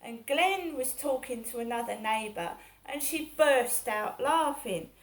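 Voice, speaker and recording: Her voice is a little high with lively intonation and a slightly slow delivery. This middle-aged vlogger airs her day in a rambling, aggrieved monologue that doubles back as she repeats herself.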